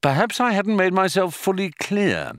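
Man voicing a coaxing storybook schemer, sly and patient, lively swings in pitch. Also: moderate pace, no room sound, exaggerated voice. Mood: persuasive.

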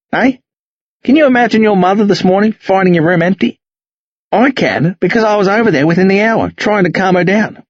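A man doing a hoarse, furious country sergeant. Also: fairly high pitch, no room sound, dull audio. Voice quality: hoarse, barking. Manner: berating, threatening, voice rising steadily. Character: gruff hungover middle-aged male country police sergeant.

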